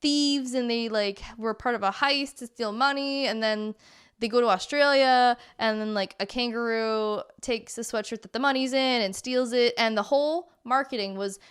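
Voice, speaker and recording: A young woman co-hosts a casual podcast and tells stories in a chatty, animated way, full of fillers and asides. Her voice is smooth and clear. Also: a little high, normal speed. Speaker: podcast co-host. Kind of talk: casual chat.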